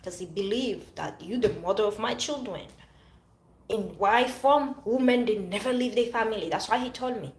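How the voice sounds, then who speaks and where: A woman's voice: mid-range voice, normal speed, reverberant. A woman from Haiti talking to camera about her past relationship, emphatic and preachy, often repeating herself. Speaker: vlogger. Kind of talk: personal talk to camera.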